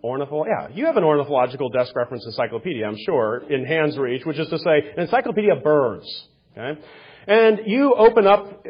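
A man's voice: fairly high pitch, slightly rough. A man giving an unscripted theology lecture, discursive and self-correcting, full of rhetorical questions and asides. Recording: dull lo-fi recording.

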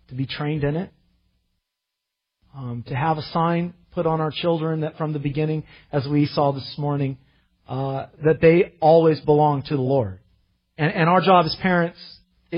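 A man preaching a sermon to his church, earnest, rising to loud pleading and dropping to quiet asides. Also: a little high, breathy edge, muffled recording. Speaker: pastor.

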